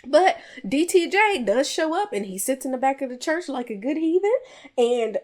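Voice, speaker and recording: A woman with a somewhat high voice talks through a movie plot in a loose, conversational way. She is chatty and animated, tossing in playful jabs at the characters as she recaps scenes for her podcast. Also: moderate pace. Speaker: podcast host reviewing a film. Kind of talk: casual chat.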